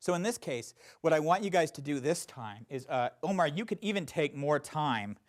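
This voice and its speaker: A man teaching a Shakespeare acting class, explaining verse in an animated way with playful asides. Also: on the high side, normal speed. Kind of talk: classroom instruction.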